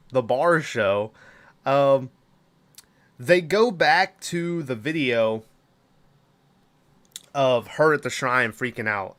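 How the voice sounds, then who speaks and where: With a medium-pitched voice that sounds pushed and bright, a man hosts a podcast and recaps a movie's plot as a casual review. His telling rambles loosely, full of swearing and filler words.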